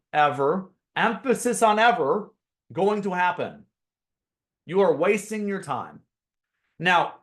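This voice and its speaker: A man teaching a sales webinar, talking casually and with emphasis, and acting out sample conversations with clients. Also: medium pitch. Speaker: sales coach.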